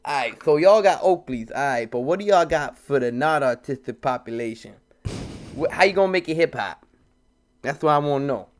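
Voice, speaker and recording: A man doing an impression of a smooth-talking middle-aged male hip-hop mogul, with a loose street drawl and a slight lisp. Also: on the high side, lively intonation, moderate pace, natural voice. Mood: demanding.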